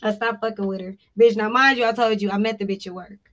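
A woman's voice: mid-range voice, fairly even intonation, fast, fairly bright tone. A woman co-hosting a podcast, telling a long personal story in casual, profane chat with bursts of laughter. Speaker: podcast co-host.

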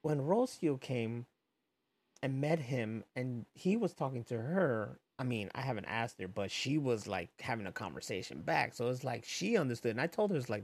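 A man in casual chat who laughs often and tells animated, profane stories. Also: medium pitch, moderate pace, breathy edge.

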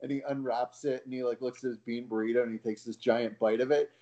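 Animated, laughing podcast co-host man. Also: mid-range voice, fast, rough recording. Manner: animated storyteller, profane, laughing. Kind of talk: casual chat.

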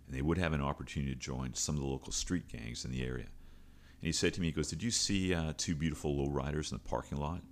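A middle-aged man with a strikingly deep, low voice tells a story on his podcast. He talks in a relaxed, conversational way, pausing for fillers and restarting his sentences as he goes. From Canada. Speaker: podcast host and coach. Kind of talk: storytelling monologue.

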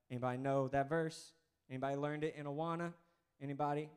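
A man in his thirties preaching a sermon as pastor, energetic and conversational, with asides to the congregation. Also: fairly high pitch, fast talker, smooth. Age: 30s.

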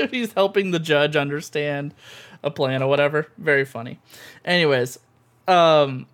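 A man co-hosting a podcast, talking in an excitable, gushing way full of fillers. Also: fairly high pitch, a little slow. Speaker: podcast co-host. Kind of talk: casual chat.

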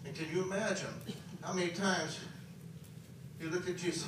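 A high-pitched man preaches with emphatic force, often checking in with his listeners. His voice comes from some way off the microphone in a very echoey hall. Faint noise hums underneath. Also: moderate pace, long pauses, distant mic. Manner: emphatic, questions the congregation. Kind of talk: sermon. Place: camp meeting hall.

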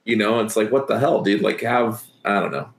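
A man's voice: fairly low pitch, fairly quick. A man co-hosting a podcast in casual chat, rambling with lots of fillers and laughing often. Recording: echoey room.

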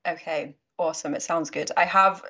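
A woman's voice: sits low, steady tone, moderate pace, bright, forceful tone, husky, muffled recording. A young woman from the English Midlands with a slight Scottish twang, chatting casually as a guest fitness coach on a podcast. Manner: chatty, laughs easily, many fillers.

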